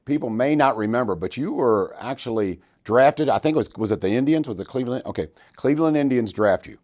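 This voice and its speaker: A man hosting a podcast, telling stories in an animated, joking way. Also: medium pitch, a little fast. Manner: animated, jokey storyteller. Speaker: podcast host. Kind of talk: storytelling interview.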